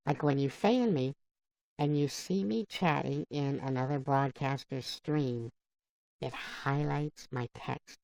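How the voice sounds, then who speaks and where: A woman hosting a live stream, chatting casually and haltingly as she answers viewers by name. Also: a bass voice, vocal fry, darkish tone, dry recording. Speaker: livestream host. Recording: dull lo-fi dry sound.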